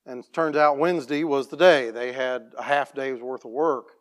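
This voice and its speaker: A plain-spoken man tells a church testimony story as a farm operator, restarting his sentences and clearing his throat often. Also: medium pitch, fairly even intonation, moderate pace.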